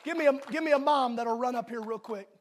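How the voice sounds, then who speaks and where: A middle-aged man preaching a sermon in a church, swinging between emphatic shouted declarations and quiet, chatty asides to the congregation. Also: extremely high pitch, fast, some chatter behind, slight background noise.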